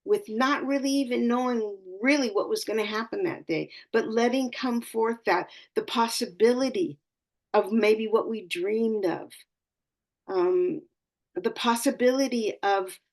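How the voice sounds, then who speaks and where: Slow, gravelly-voiced woman astrologer. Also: on the high side. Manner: searching, halting phrasing with many restarts; earnest and spiritual. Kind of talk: reflective talk on a community call.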